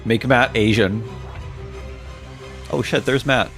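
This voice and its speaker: Loud game music runs behind a young man who's streaming and reading chat aloud in casual commentary. He's jokey and playful, laughing often, with a gravelly mid-range voice and a slow pace.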